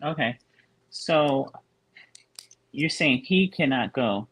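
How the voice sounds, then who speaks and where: Slow, careful language student. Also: medium pitch, expressive, a bit bright, husky, rough recording. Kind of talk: asking questions in a lesson.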